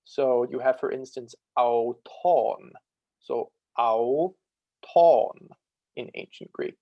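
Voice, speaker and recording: Gravelly young man giving an online lecture. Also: mid-range voice, completely flat delivery, dry recording, muffled recording. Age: young adult. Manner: casual, with many fillers, slowing down to demonstrate sounds. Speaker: student presenter. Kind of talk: online lecture on ancient Greek pronunciation. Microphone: video call.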